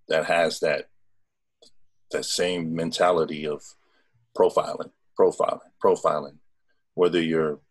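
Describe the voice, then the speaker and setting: A man with a very deep voice and a husky, breathy edge. He talks in a laid-back way on a casual podcast, mostly chiming in with laughs and short agreements. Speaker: podcast co-host. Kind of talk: casual chat, brief reactions.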